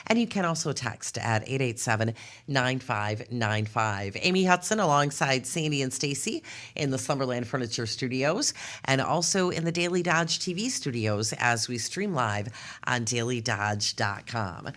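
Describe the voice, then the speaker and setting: A woman's voice: extremely low pitch, normal speed, fairly bright tone. A woman hosting a live community talk show, reacting with gushing exclamations. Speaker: radio show host. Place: broadcast studio.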